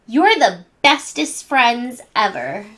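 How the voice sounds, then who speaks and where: Woman playing a scared little boy, high, shaky, stammering. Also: big pitch swings, slow, fairly bright tone, exaggerated voice. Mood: nervous. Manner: stammering, anxious. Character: timid nervous little boy toddler.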